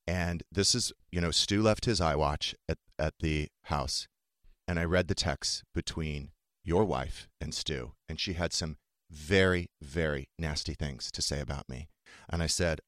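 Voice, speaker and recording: A man's voice: low voice, normal speed, fairly bright tone, no room sound, studio quality. A middle-aged man in casual chat, telling a personal story with feeling and acting out the dialogue. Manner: emotional, acts out quoted dialogue.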